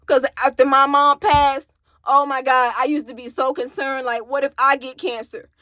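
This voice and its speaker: Candid woman, higher voice. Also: moderate pace, pushed and bright, dry recording. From Alabama, US. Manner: candid and raw, swears, talks straight to viewers. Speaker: vlogger telling her story. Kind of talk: emotional personal storytime.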